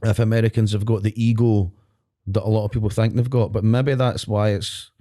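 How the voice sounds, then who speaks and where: A man's voice: fairly low pitch, little pitch movement, fairly quick, dark tone. A Scottish man with a Glaswegian accent, co-hosting a podcast in casual chat, rambling and joking about himself as he talks. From Scotland. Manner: rambling, joking, self-deprecating. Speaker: podcast co-host. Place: podcast studio.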